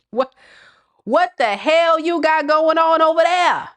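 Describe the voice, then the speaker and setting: A woman voicing a nosy, suspicious lover who pushes for answers in a high, teasing, slangy voice. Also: animated, takes it slowly, fairly bright tone, exaggerated voice. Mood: teasing, prying.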